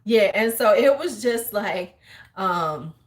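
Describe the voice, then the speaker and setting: A woman in her forties, host of a beauty livestream, telling a story in animated, slangy casual chat and laughing often. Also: medium pitch, slow. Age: 40s.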